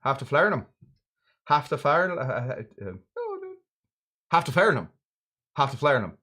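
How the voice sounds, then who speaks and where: A man puts on a Barbadian islander, with a clumsy, exaggerated accent. The phrase comes out repetitive and halting. The voice sits lower than his usual talk. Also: expressive, sharp tone, slight background noise. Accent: Barbadian, badly imitated.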